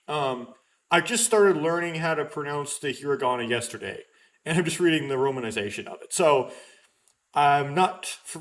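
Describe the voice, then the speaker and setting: A man's voice: fairly high pitch, fairly bright tone. A young man talking casually as a let's player, rambling and correcting himself often with plenty of ums. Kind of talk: casual gameplay commentary.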